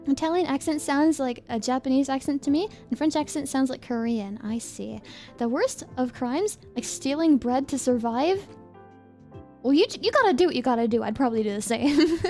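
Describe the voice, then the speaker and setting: Young woman, high voice, giggly rambling stream chat, faint music under it. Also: mellow. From United States. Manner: giggly, rambling, quick asides. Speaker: VTuber streamer. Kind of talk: casual chat reading viewer comments.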